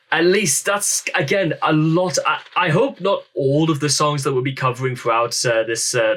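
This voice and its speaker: Bright-voiced man hosting a rambling reaction video. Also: mid-range voice. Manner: rambling, addresses viewers as ladies and gentlemen. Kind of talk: casual reaction commentary, reading aloud.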